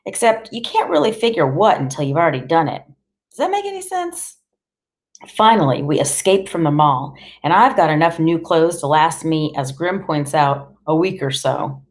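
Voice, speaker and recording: A woman narrating an audiobook in the first person, with a deadpan, wry delivery. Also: sits low, moderate pace, few pauses.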